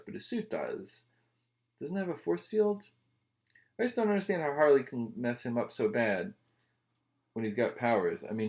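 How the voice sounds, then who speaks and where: A man talks through a comic book review in loose, casual chat, wandering off into wry jokes and asides. His voice sits somewhat low. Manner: wry, rambling, joking asides.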